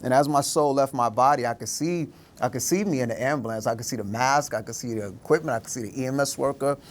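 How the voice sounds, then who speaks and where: Middle-aged male speaker, vivid storyteller, does voices for characters, mid-range pitch. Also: fast. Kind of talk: storytelling talk.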